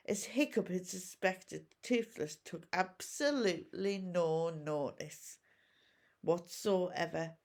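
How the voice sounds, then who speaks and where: Slow-reading woman teacher. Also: lowish voice. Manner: expressive, measured storytelling. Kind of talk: reading a storybook aloud.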